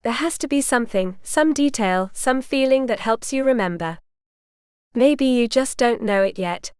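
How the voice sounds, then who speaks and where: A woman's voice: fairly high pitch, expressive, moderate pace, a little mellow, smooth, no room sound, clean studio sound, lightly acted. Bold, teasing young woman, read by a narrator. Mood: earnest. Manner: teasing, coaxing, earnest.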